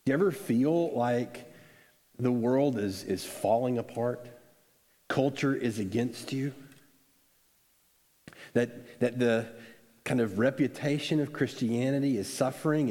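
A man preaching a sermon in a conversational, animated storytelling way, acting out quotes. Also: medium pitch. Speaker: pastor. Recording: echoey hall with long reverb.

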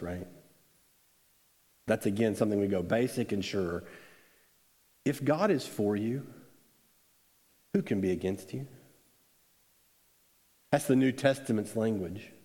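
A man preaching a sermon in a conversational, animated storytelling way, acting out quotes. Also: medium pitch. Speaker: pastor. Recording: echoey hall with long reverb.

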